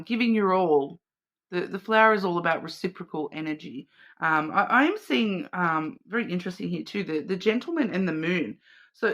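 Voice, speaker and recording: A woman's voice: lowish voice, a bit bright. A woman with an Australian accent doing a casual card reading, rambling with many fillers and restarts. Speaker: card reader.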